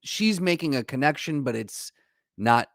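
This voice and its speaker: Man, podcast co-host, casual chat, thoughtful, halting restarts, dry close sound. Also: a little high, expressive, dry recording. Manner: thoughtful, searching for words with many restarts.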